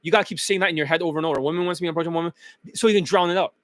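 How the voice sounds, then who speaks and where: A man's voice: on the high side, very fast, a bit bright. A male dating coach delivering a blunt, profane motivational monologue, chanting phrases over and over.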